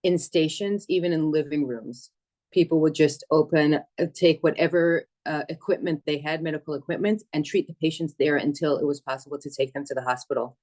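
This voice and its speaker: A woman who works as an emergency medic and dispatcher, giving a spoken testimony in a steady, earnest storytelling manner with some hesitations. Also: sits low, fairly quick. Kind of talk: personal account speech.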